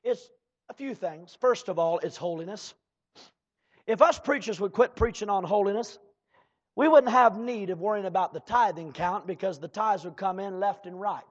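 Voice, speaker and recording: High-voiced preacher, fiery sermon. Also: male voice, moderate pace. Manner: shouting bursts, drawled asides, calls to the congregation. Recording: dull lo-fi church recording.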